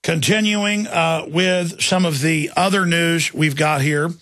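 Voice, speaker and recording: A man hosting a talk radio show, ranting fast and fervently about the news. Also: on the high side, steady tone, fairly bright tone, no echo, clean studio sound. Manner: fervent, mocks opponents in put-on voices.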